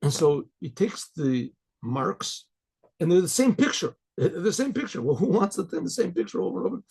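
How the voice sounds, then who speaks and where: A man's voice: high-pitched, very animated, moderate pace, vocal fry, a little mellow, husky. A male rabbi telling a folk story in a loose, conversational way, restarting his sentences often.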